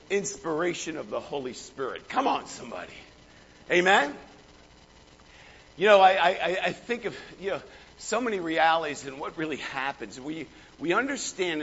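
A hoarse male pastor preaching a fervent sermon, shouting at the peaks and calling out to the crowd. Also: a little high, slight background noise. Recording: echoey hall, dull lo-fi sound.

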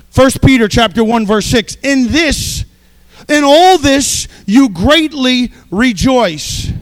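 A man preaching a sermon, fervent, swinging between soft passages and shouted exhortations. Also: very high-pitched.

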